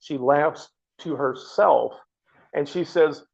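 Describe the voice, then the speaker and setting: Male Bible study teacher, a bit higher pitched, husky; earnest explainer; dull recording. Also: measured pace. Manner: earnest, explanatory, frequent restarts. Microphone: microphone.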